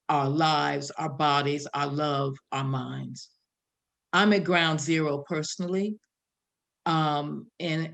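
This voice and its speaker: An older woman from the Midwest with a South Side Chicago accent, hosting a panel in a reflective, riffing way with pauses. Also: low voice, vocal fry. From American Midwest. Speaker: host.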